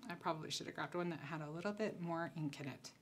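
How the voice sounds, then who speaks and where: A woman's voice: sits low, fast, a little hiss or hum. A woman giving a casual craft tutorial, chatting and thinking aloud as she works at her table. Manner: chatty, relaxed, thinks aloud while working. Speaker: concept designer demonstrating crafts.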